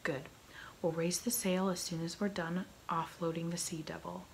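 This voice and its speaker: A woman's voice: on the low side, flat delivery, normal speed, creaky, slight background noise, low-quality recording. A woman whispering a vain, short-tempered male pirate captain in a whispered role-play. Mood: gruff.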